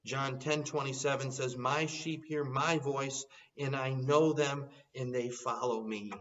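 A man preaching a sermon, quoting scripture in an earnest voice and rising into urgent appeals. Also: medium pitch. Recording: dull sound from some distance off.

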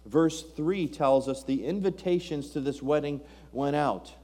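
A man's voice: a little high, a little slow, mellow. A man preaching a sermon, reading scripture aloud and asking rhetorical questions with rising emphasis. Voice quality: King James scripture reading.

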